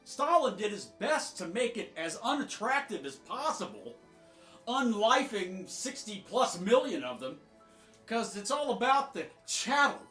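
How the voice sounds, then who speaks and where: A man's voice: high voice, very animated, a little slow, echoey room, faint music behind. A man giving sarcastic, mocking political commentary over clips. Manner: sarcastic, mocking, swinging loud to soft.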